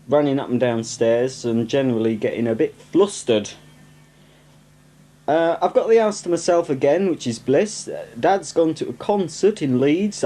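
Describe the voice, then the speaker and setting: A young northern English man rambles cheerfully at his camcorder, full of self-mocking asides. His voice is mellow and sits at an ordinary pitch. The sound comes from a 1990s home camcorder on a tripod indoors. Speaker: home video host. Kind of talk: casual rambling home video chat. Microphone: camcorder microphone on a tripod.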